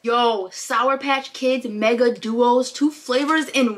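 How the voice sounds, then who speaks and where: A young woman vlogging an unboxing in a casual, gushing, excitable way, filling her talk with "like". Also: a little high, slow pace, slight background noise. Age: young adult. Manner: gushing, excitable, says "like" often.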